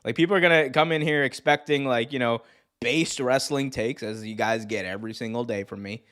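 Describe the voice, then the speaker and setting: A male host on a live wrestling stream, chatting off the cuff. His talk rambles and restarts, full of swearing and quick laughs, and his voice sits at an ordinary middle pitch. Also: a bit bright.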